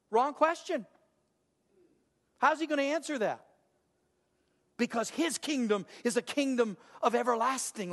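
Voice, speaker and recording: An older male pastor delivers a sermon in an emphatic, repetitive cadence. His voice sits high for a man. The sound rings with a long hall reverb. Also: fairly bright tone.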